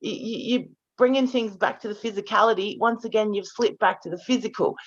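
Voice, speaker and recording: A woman's voice: mid-range voice, brisk, highs cut off. A woman guest in a casual spiritual chat on a video call, talking bluntly and emphatically and swearing freely.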